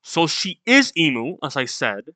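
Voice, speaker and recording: A young man reads a manga chapter aloud and reacts, excitable and profane, with sudden high yells. His bright voice swings widely in pitch while he talks at an unhurried pace. The sound is dry and close. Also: no room sound.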